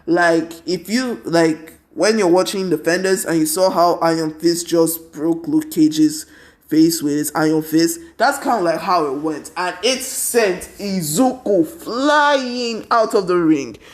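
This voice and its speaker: A man's voice: a little high, a little slow. Young man, tired, casual fan-story narration, rambling, repetitive. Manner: rambling, repeats 'and then' and 'is like'.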